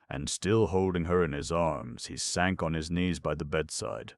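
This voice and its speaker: A man narrating an audiobook in a measured, steady reading. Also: extremely low pitch, gravelly, no echo, studio quality. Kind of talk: scripted narration.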